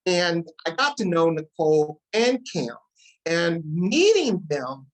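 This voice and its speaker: Woman talk show host, fast and excitable, emotional, lowish voice. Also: rough recording. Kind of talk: enthusiastic talk show hosting.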